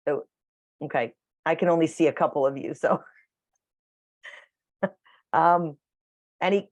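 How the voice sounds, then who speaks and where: A woman's voice: on the low side, dry recording. A woman teaching a dog training class over a video call, chatty and matter-of-fact. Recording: dull dry video call audio.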